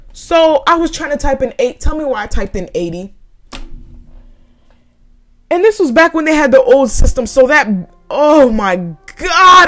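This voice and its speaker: A young woman tells a story about her job straight to camera, profane and emphatic, leaning hard on her punchlines. Her voice sits at an ordinary middle pitch for a woman. Faint music plays softly behind her. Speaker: vlogger telling a work story. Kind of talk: casual storytime monologue.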